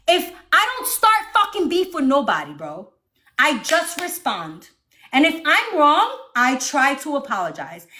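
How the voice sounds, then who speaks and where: A high-voiced woman from the northeastern United States rants on a phone livestream from her home. Her voice swings wildly up and down as she swears and argues, animated and confrontational throughout. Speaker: livestream host. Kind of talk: heated livestream rant.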